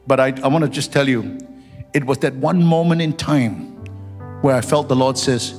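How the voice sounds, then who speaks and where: A man's voice: mid-range voice, moderate pace, darkish tone, faint music behind. A man who is a pastor, preaching a sermon with personal stories and rising into fervent prayer. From Singapore. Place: church hall. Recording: church hall with long reverb.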